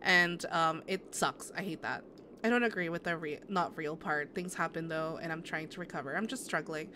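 A woman's voice: low-pitched, moderate pace, background noise. A woman game streamer in casual live-stream chat, answering her viewers with sympathy and rambling through many restarts.

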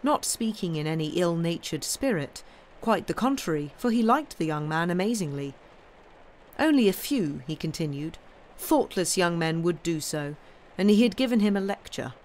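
A woman reading a classic story aloud on a live stream, with steady, expressive narration. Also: lowish voice, normal speed, slight background noise. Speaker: reader of classic stories.

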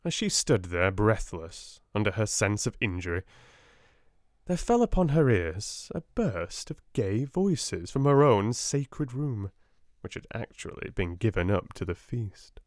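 A soft-spoken British man reading a storybook aloud, slow and gentle, his pitch rising and falling with the story. The recording is dry and close. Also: sing-song, no room sound. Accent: British English. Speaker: audiobook reader.

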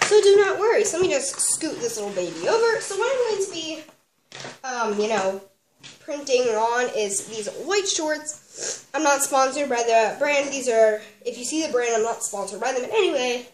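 A young woman with a sniffly voice chats through a craft tutorial at her home desk, rambling with lots of fillers. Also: high-pitched. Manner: bubbly, rambling with many "like" and "um". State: sniffly from a cold. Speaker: craft vlogger reviewing a kit. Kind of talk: casual chatty tutorial. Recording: echoey room, faint background noise.

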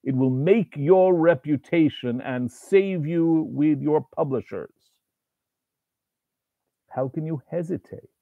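A man's voice: on the high side, takes it slowly, vocal fry, pauses often, no room sound. A man doing a sneering demon tempter. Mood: scornful. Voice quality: harsh, grating laugh. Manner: taunting, coaxing, scornful. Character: sneering male demon double, contemptuous tempter. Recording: tinny phone-like dry sound.

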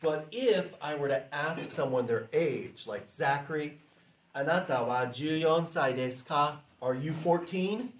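A man teaching a class in a relaxed, chatty way, saying phrases slowly for students to repeat. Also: fairly high pitch, echoey room, a little hiss or hum. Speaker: language teacher.

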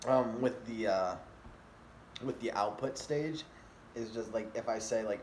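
A man's voice: fairly low pitch, a little slow. Rambling man vlogging, lots of fillers and restarts, echoey room, faint background hum. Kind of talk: casual rambling vlog talk.

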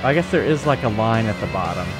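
Guy streaming a racing game, talks out loud, kinda puzzled and jokey, voice goes all over, quiet music behind. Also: fairly low pitch, expressive, quick pace. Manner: confused, joking, thinks out loud. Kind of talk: casual gameplay commentary.

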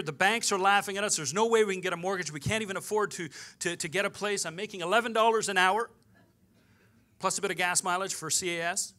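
A man's voice: high voice, fast talker, pushed and bright. A man, preaching a sermon and telling a personal story with quoted dialogue. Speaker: pastor.

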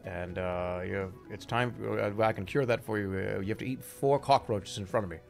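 A man doing a mumbling low-voiced doctor. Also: gravelly, faint music behind. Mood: hesitant. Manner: hesitant, halting, full of uh. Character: mumbling middle-aged male doctor.

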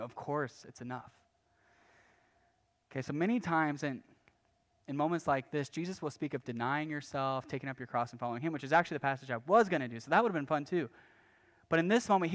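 In a church, a male pastor with a fairly high voice preaches casually and conversationally, often restarting phrases and tossing in light asides.

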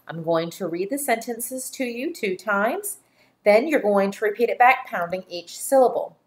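A woman teacher giving a slow dictation lesson to young children, speaking clearly and deliberately and drawing out each syllable. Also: medium pitch, lively intonation. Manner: clear, deliberate, spells words and stretches syllables.

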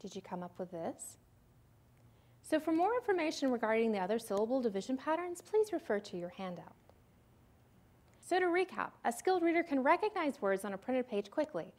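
Her voice sits high and sing-song, a little fast, with a darkish tone. This woman, a literacy presenter, delivers a recorded phonics lecture, patiently walking through each step like a teacher and sounding words out aloud as models.

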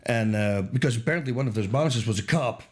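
A man telling a story on a podcast, animated and laughing as he goes. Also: mid-range voice, fast talker. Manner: animated, laughs through his own story. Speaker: podcast guest. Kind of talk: casual storytelling.

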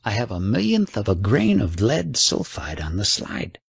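A man reads the part of an eager senior scientist in a spoken storybook. He speaks wistfully, and the low voice is husky and gravelly, with a lively lift. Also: moderate pace, dry recording, studio quality, full character voice. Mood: instructing.

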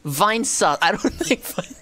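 A woman's voice: mid-range voice, lively intonation, unhurried, sharp tone. A woman streaming a game, chatting casually to her viewers with profane jokes. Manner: profane, joking, talks to chat. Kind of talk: casual gaming commentary.

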